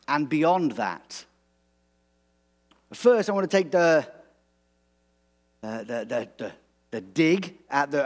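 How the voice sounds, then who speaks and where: A man preaching a sermon in a relaxed, conversational way, animated and prone to restarts. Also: fairly high pitch.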